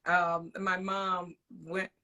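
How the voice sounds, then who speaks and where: A woman's voice: lowish voice, level tone, very slow, a loud crowd. A middle-aged woman interviewing a guest in a casual, chatty way, often laughing.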